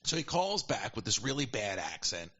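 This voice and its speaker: A man casually telling a long story as a podcast guest, animated and quick to quote people in put-on voices. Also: lowish voice, slightly rough, muffled recording. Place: at home.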